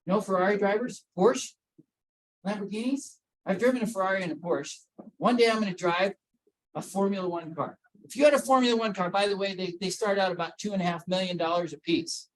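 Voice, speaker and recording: A man's voice: high-pitched, fairly quick, rough recording. A man giving a motivational talk on mental health to a workplace audience, asking them questions and calling on people by name. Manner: emphatic, repeats key points. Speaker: workplace wellness speaker.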